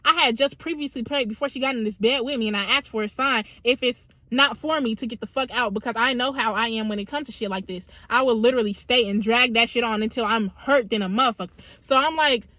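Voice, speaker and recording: A young woman with a slightly high voice tells a story to her viewers. Her delivery is casual, full of slang and swearing. The recording is dry and close. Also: fast, few pauses, sharp tone, dry recording. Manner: slangy, profane, conversational retelling. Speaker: vlogger.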